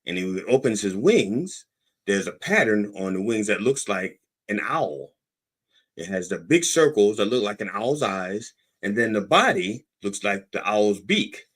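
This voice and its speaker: A man hosting a podcast in a casual, digressive monologue. His voice is low and husky. It rises and falls widely while he rambles and interrupts himself. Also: big pitch swings, unhurried, fairly bright tone. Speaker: podcast host.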